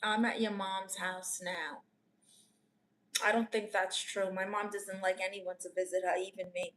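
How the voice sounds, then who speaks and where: A woman's voice: mid-range voice, level tone, unhurried, fairly bright tone, slight background noise, close to an everyday voice. A woman playing a sassy, teasing aunt. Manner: sassy, teasing, calls people honey. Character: sassy self-styled therapist aunt, woman, brash and teasing. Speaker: live-stream comedian answering chat. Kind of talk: improvised live-stream character comedy.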